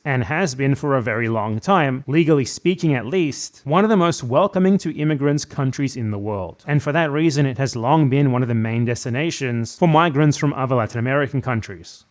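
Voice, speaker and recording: A man narrating a scripted video essay in a critical, sardonic manner. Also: fairly high pitch.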